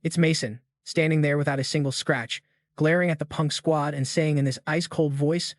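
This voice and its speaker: A man's voice: fairly high pitch, fairly even intonation, normal speed, no room sound, clean studio sound. A man narrating a story recap in a scripted, slang-heavy style with jokey asides.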